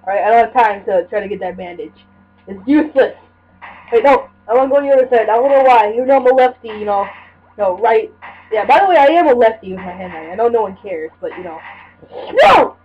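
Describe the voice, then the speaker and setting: A woman's voice: on the high side, animated, quick pace. A young woman giving rambling, casual commentary while playing a video game, full of fillers and restarts. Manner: rambling, filler-heavy chatter. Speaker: let's play gamer. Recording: dull lo-fi audio with faint hiss.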